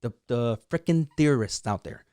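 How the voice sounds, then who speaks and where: A man's voice: medium pitch, animated, moderate pace, dark tone, dry recording, clean studio sound. A man from San Diego hosting his own vlog, giving heated opinionated commentary full of "like" and "you know". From San Diego, California, USA. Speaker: vlog host.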